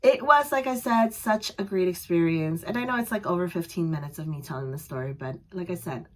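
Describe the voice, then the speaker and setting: Animated woman vlogger with a lively voice. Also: a little fast. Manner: animated, acts out voices with loud high yells. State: voice slightly strained. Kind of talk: casual storytelling to camera.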